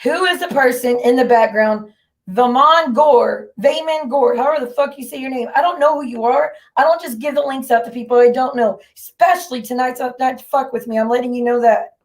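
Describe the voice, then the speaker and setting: A woman's voice: high-pitched, fast talker, a little mellow. A woman hosting a livestream, ranting in a heated, profane and confrontational way at people in her chat. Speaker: livestream host. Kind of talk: angry livestream rant.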